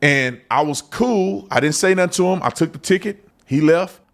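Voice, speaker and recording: A man who is a former police officer, telling a personal story in a colloquial, animated way and acting out what people said. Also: moderate pace. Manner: colloquial, animated, acts out quotes with big pitch jumps.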